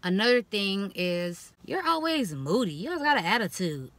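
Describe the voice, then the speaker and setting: A woman's voice: medium pitch, moderate pace. A young woman in a casual talking-to-camera vlog, speaking frankly and bluntly and acting out the things people say to her in mocking voices. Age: young adult. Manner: animated, expressive, quoting others in mocking voices. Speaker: vlogger.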